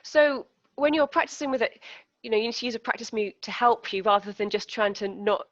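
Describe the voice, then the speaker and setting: A woman's voice: fairly high pitch, fairly even intonation, fairly quick, dry recording, dull audio. A woman hosting a live question-and-answer interview, reading out viewers' questions with friendly fillers over a video call.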